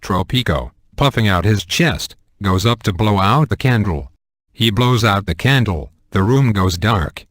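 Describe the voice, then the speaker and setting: A man reading an amateur comedic horror story, with a deadpan delivery and crude humor. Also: fairly low pitch, unhurried, dry recording, studio quality. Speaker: narrator.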